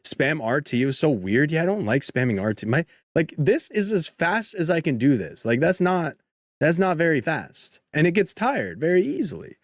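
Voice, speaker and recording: A man's voice: a little high, very animated, moderate pace, no echo, clean studio sound. A man streaming a video game live, chatting loosely in a rambling, joking way. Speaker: gaming streamer. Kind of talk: casual live-stream chat.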